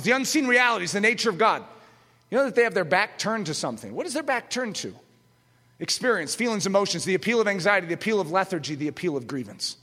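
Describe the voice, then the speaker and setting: Impassioned male preacher, emphatic, bright, rising to shouts; long hall reverb. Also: high-pitched. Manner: emphatic, rhetorical questions, sudden loud outbursts. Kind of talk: impassioned sermon.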